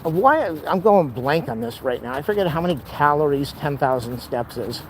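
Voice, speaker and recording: A man's voice: a little high, lively intonation, moderate pace, poor audio. A man vlogging while he walks city streets, ranting with strong opinions and out of breath from the uphill climb. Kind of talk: rambling walking vlog. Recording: faint street noise outdoors.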